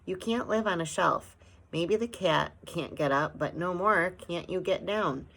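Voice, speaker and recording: Woman playing a weary, flat little father. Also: lowish voice, measured pace, voice pushed up, low-quality recording. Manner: tired, flat and expressionless. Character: weary stern tiny father borrower. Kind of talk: audiobook reading.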